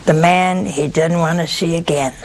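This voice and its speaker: A woman preaching a sermon, telling a story in a lively, humorous way despite a sore throat. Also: lowish voice, normal speed, heavy background noise.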